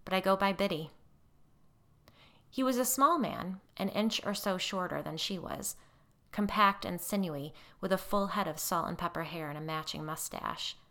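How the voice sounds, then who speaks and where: Bright-voiced woman narrating a story. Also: moderate pace, vocal fry. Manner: voices characters with raised pitch and lowered narration tags. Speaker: audiobook narrator.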